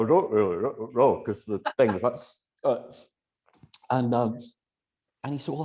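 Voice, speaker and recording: Male guest, low mellow voice, animated storyteller acting out quotes, video call. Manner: lively storyteller who acts out quotes and laughs often. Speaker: guest hypnotherapist.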